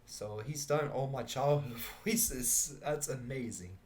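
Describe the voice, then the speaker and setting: A man's voice: medium pitch, slow, a little mellow. A man hosting a podcast in casual, rambling chat, laughing often and swearing casually. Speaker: podcast host.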